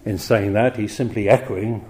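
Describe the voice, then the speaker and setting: A man preaching an evening sermon, earnest and emphatic, posing rhetorical questions and slowing down to quote scripture. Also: on the low side, steady tone, darkish tone, a little hiss or hum.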